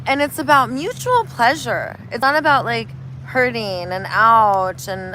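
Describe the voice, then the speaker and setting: A woman, a spiritual healer, talking casually and telling animated stories, acting out voices as she goes. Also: on the high side, measured pace, slight background noise, rough recording. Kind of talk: casual street conversation.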